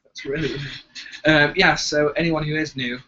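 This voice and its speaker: A man's voice: a little high, steady tone, normal speed, sharp tone, slight background noise. A young man with a Liverpool accent, co-hosting a casual live chat, jokey and rambling. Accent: Liverpool English. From England. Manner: chatty, jokey, trails off mid-sentence. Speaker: co-host. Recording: dull lo-fi webcam audio.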